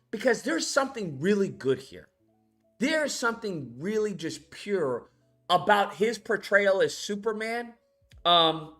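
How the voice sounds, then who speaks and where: A man's voice: high voice, sharp tone. A man ranting in a casual movie review, rambling and profane, with frequent restarts. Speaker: animation YouTuber.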